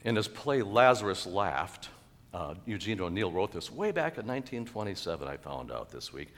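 A male pastor preaching a sermon in a church, animated and chuckling, with sudden loud exclaimed quotes. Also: lowish voice, moderate pace, long reverb tail. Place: church sanctuary.

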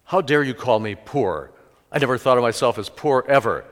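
A man voicing a proud, defiant teenage country boy who shouts with indignation, in an echoey church hall. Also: medium pitch, lively intonation, moderate pace, voice pushed up, close to an everyday voice. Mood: furious, indignant.

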